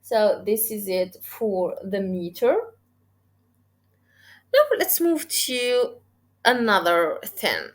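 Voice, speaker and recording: A woman teaching poetry, explaining step by step in a deliberate way and checking in with "okay?". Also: mid-range voice, lively intonation. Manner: deliberate, counts syllables aloud, frequent "okay?" checks. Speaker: literature teacher. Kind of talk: explaining poem analysis step by step.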